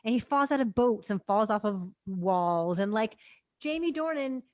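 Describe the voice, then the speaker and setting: A woman co-hosting a film review podcast, talking in a casual, sarcastic and animated way with frequent laughs. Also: fairly high pitch, normal speed, dry recording, clean studio sound. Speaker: film critic podcast co-host.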